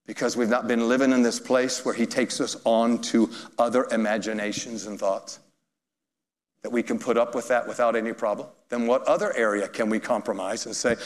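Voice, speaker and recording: A man preaching a sermon, telling a story with animated, chuckling emphasis, heard in an echoey hall. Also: mid-range voice, brisk.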